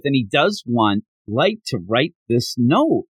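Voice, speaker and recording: A man's voice: mid-range voice, sing-song, slow, hardly any pauses, husky, no echo. A man co-hosting a podcast, chatting casually about a manga chapter, laughing and acting out the characters' lines. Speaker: podcast co-host.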